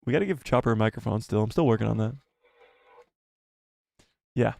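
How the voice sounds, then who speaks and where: A male live-stream host with a gravelly, fry-edged voice, chatting casually with viewers about fandom news. He rambles and jokes at his own expense, speaking close to the mic in a dry, dead room. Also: on the low side, brisk, a little mellow, no echo. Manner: self-deprecating, jokey and rambling. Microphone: close desk microphone.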